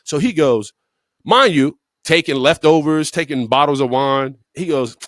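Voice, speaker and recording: Recorded cleanly in a studio with no echo, a podcast co-host speaks in a fairly high, slightly bright voice at a somewhat slow pace. He swears and keeps it blunt while telling a casual story, hammering words through repetition.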